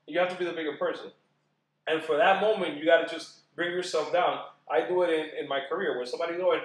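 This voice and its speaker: A man chatting as a podcast guest about marriage, animated and acting out quoted voices as he talks. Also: a little high, fast, echoey room, low-quality recording. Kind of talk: casual podcast chat.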